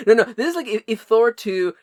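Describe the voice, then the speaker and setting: A man's voice: extremely high pitch, lively intonation, normal speed, a little mellow, no room sound, studio quality. A man co-hosting a podcast in casual chat, stumbling over restarts and cracking crude jokes. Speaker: podcast co-host.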